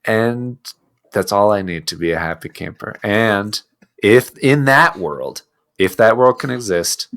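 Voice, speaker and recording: A man co-hosting a podcast in casual chat, ranting in an animated way and laughing often. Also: lowish voice, measured pace. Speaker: podcast co-host.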